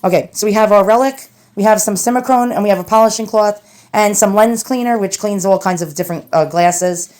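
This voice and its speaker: Woman with a New York accent, chatty unboxing host who talks right to the viewers, mid pitch, close mic. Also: a little fast, a little mellow. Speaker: relic restorer and video host. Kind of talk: casual unboxing commentary.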